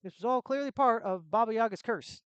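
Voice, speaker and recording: A woman's voice: a little high, fairly quick, clear, resonant tone, no echo, lo-fi sound, natural voice. A woman reading as a plainspoken castle gatekeeper. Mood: informative. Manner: plain game-text reading.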